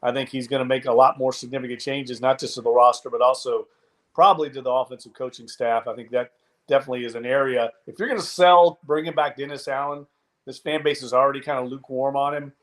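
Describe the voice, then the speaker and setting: A man co-hosting a sports podcast, talking football in a measured, analytical way with frequent restarts. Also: medium pitch, fairly even intonation. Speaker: podcast co-host. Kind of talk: casual sports talk.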